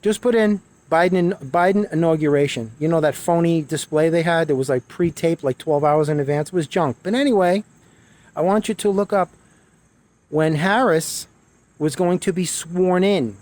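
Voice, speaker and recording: A man's voice: a little high, normal speed, a little mellow. A man delivering an urgent, emphatic monologue to viewers, often repeating phrases for emphasis. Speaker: spiritual video creator. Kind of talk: preachy monologue to camera.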